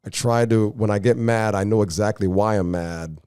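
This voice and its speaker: A man's voice: fairly low pitch, normal speed, dark tone, clean tone, no room sound, clean studio sound. A man as a podcast guest, telling his story in an earnest, reflective way. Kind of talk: casual conversational interview.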